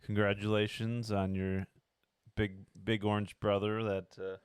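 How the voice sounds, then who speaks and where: Man, low voice, unhurried, smooth, laid-back podcast co-host, dry sound. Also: level tone, no echo. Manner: laid-back, brief replies, laughs easily. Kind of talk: casual podcast banter.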